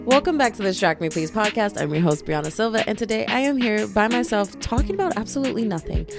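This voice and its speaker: A woman's voice: mid-range voice, expressive, quick pace, creaky, music in the background. A young woman in her twenties hosting a solo podcast, chatting casually in a rambling, self-deprecating, jokey way into a microphone. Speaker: podcast host.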